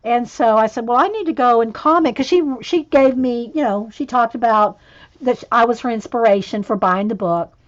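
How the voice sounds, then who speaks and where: A woman's voice: a little high, normal speed, muffled recording. A middle-aged woman hosting an art channel, rambling in casual livestream chat with many restarts. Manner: rambling, chatty, restarts often. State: has the hiccups.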